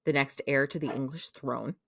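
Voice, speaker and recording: Brief: stern, unbending royal brother, read by a woman, low and even. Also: moderate pace, vocal fry, no room sound, studio quality, full character voice. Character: stern older brother, a foreign royal envoy.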